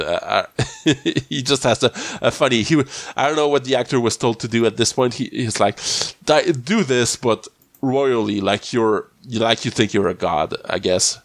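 A man's voice: on the low side, fairly bright tone, dry recording. A podcast host with a slight cold, rambling and restarting as he recaps a TV episode in casual chat. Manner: rambling, halting, many restarts.

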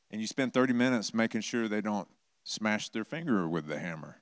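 A middle-aged pastor delivers his sermon in a loose, conversational manner, slipping into quick impressions for the stories he tells. His voice sits on the low side. The sound is dry and close to the mic. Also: lively intonation, smooth, no room sound. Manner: conversational, acts out quoted voices, self-deprecating humor.

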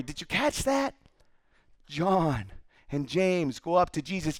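A male pastor preaching a sermon, retelling scripture with animated storytelling. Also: on the high side, slow, long pauses, no room sound.

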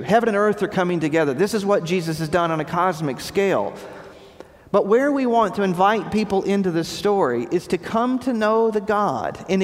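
A man preaching a sermon with emphatic, repeated phrases, his voice dropping low at the ends of lines. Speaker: pastor. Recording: long reverb of a large hall.

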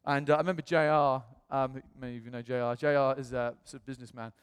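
Animated man preaching in reverberant hall. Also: mid-range voice, fast, clean tone. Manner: animated storytelling, acts out quotes, self-mocking humor. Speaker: pastor. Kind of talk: personal testimony sermon.

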